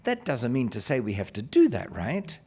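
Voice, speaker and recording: A man's voice: medium pitch, normal speed, husky. A middle-aged man casually telling an anecdote as a guest, acting out the dialogue in it. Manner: lively, acts out quoted dialogue. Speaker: investor guest telling a story.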